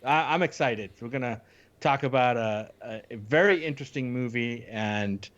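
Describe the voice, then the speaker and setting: A man co-hosting a film podcast, speaking in a halting way with lots of fillers. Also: medium pitch, a bit bright, dull audio. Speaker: podcast co-host. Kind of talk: casual chat.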